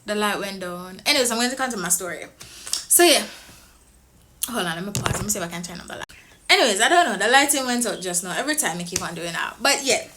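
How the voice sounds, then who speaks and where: A young Jamaican woman vlogger telling a story to the camera in a casual, excitable way. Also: mid-range voice, fast talker, a little hiss or hum. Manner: excitable, animated, laughs often.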